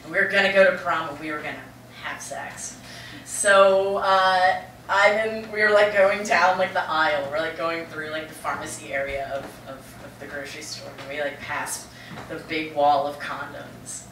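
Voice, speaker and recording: On stage in a roomy venue before a live audience, a young adult woman does confessional stand-up, telling a frank personal story that rambles, swears, and leans heavily on "like." Her low, fairly bright voice stays steady at a moderate pace. The echoey room was recorded from far off, with slight background noise.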